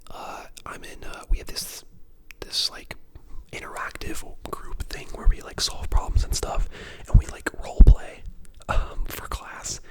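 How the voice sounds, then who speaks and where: A young adult in their twenties whispering close to the mic in a relaxed ASMR ramble. The talk is loose and chatty, with plenty of ums and likes. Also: measured pace. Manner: casual chatty whisper with many fillers. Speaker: ASMR creator and dental student. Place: at home.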